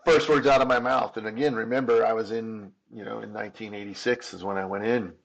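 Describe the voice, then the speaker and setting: A man's voice: on the low side, steady tone, fast, creaky, highs cut off. A man in his fifties telling his own story as an interview guest, candid and earnest, often restarting and repeating words. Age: 50s. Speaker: podcast guest.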